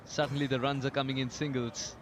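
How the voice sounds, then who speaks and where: A man calling live cricket play-by-play, lively and lifting his voice on big moments. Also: mid-range voice, fairly quick, noisy background. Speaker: cricket commentator. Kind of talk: live sports commentary.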